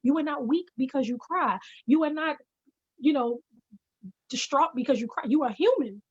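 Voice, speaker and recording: A woman's voice: sits high, moderate pace, dry recording, muffled recording. A woman guest on a video call, speaking emphatically with a preacher-like cadence about healing. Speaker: guest, singer and life coach. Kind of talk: encouraging preacher-like conversation.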